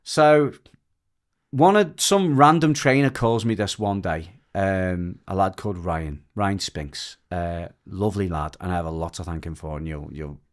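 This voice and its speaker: Man, lowish voice, chatty podcast guest, rambling animated storyteller, lots of restarts. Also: a little slow. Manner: rambling and animated, with frequent restarts and lively mimicry of others. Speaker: podcast guest, dog trainer. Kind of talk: casual storytelling chat.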